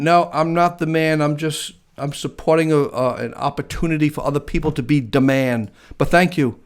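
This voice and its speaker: Chatty enthusiastic American host. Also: male voice, a little high, moderate pace, few pauses. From United States. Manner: chatty, enthusiastic, laughs often. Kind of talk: casual live-stream chat.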